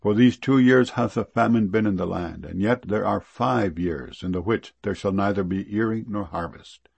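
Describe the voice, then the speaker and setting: A man's voice: lowish voice, normal speed, gravelly, a little mellow, breathy edge, dry recording. A man reading the part of a powerful ruler speaking earnestly to his brothers in a solemn scripture reading.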